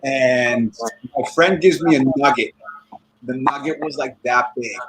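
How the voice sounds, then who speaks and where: A man with a mid-range, fairly bright voice delivers an unhurried, rambling, profane stand-up routine from his home computer over a video call. Recorded at low quality through the computer mic, he often laughs at his own jokes.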